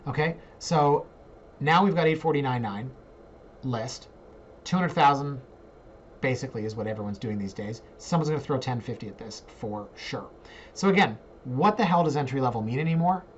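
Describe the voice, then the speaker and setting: Brief: 40s male realtor, chatty and joking, walks viewers through listings, somewhat muffled home mic. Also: slight background noise. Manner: joking, chatty, jumps into squeaky asides. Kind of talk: casual screen-share talk.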